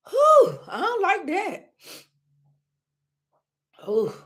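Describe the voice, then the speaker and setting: A woman hosting a casual live stream, talking candidly to viewers in a loose, conversational way and often clearing her throat. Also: medium pitch.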